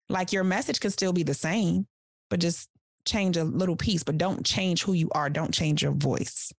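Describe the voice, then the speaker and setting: Woman life coach, gravelly voice, direct and animated, dry close sound. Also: on the low side, moderate pace, no echo. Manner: direct, animated, acts out examples. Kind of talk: casual podcast advice. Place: studio couch.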